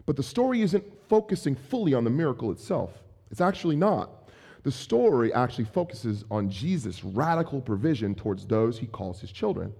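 A man in his thirties preaching a sermon as pastor, conversational and animated, with playful asides. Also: medium pitch, vocal fry.

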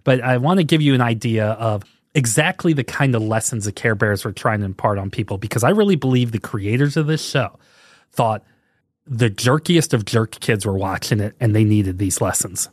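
A man's voice: fairly low pitch, normal speed, dry recording, studio quality. A man hosting a podcast, ranting sarcastically and laughing with exasperation. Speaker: podcast host. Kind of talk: casual comedic commentary.

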